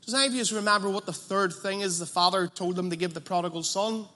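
A man preaching an evangelistic sermon, passionate and blunt, dropping to a hush and then rising loud, with colloquial asides. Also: high voice, quick pace. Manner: passionate, swings from hushed to loud.

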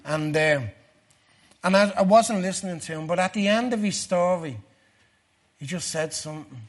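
A middle-aged man giving a testimony sermon, moving from quiet storytelling to loud, fervent preaching. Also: high voice, moderate pace.

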